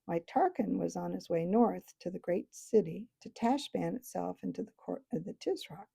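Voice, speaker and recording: A woman's voice: fairly low pitch, lively intonation, moderate pace, vocal fry, dark tone, husky, heavily acted. A woman voicing a proud, bossy talking male warhorse in a storybook reading, lecturing in a haughty manner. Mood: confiding.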